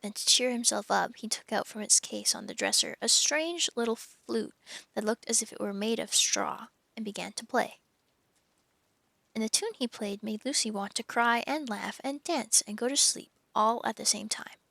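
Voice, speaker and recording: A woman streamer reads a novel aloud and drifts into casual, self-deprecating chat between passages. Her voice sits a little high with a creaky, gravelly edge. The sound is dry and close. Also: normal speed, sharp tone, dry recording. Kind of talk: reading a book aloud on a livestream.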